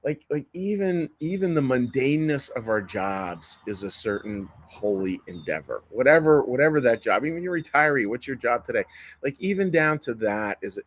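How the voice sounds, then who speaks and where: A man's voice: medium pitch, sing-song, moderate pace, poor audio. A man in his fifties giving a sermon as a pastor, in a folksy manner with frequent restarts and repeated words. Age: 50s.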